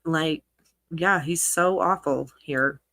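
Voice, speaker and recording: A woman's voice: low voice, takes it slowly, fairly bright tone, no room sound. A woman commentary creator reading text messages aloud, with sarcastic asides between the quotes.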